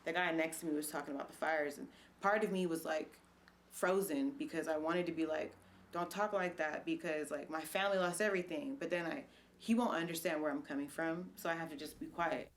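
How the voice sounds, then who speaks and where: A woman's voice: low-pitched, steady tone, brisk. A woman whose family lost everything in a fire, earnestly asking people to be sensitive. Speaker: fire survivor's family member. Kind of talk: personal account.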